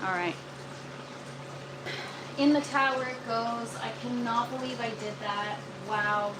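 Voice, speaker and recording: Her voice fairly high and her pace slow, a woman chats casually on a live stream from her indoor grow tent, groaning and exasperated. Steady background noise is clearly audible in the recording.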